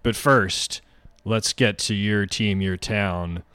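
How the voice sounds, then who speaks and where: A man voicing a contrarian male TV sports debater, with slow, deliberate jabs and no accent. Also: lowish voice, steady tone, bright, forceful tone, clean tone, dry recording. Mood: mocking.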